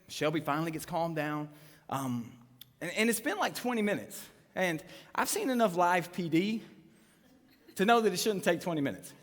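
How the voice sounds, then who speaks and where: A man preaches a sermon and acts out every voice in his story. His pitch swings widely and his tone is bright and forceful. The live recording rings with the long reverb of a large church auditorium. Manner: animated storytelling with voiced quotes. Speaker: pastor.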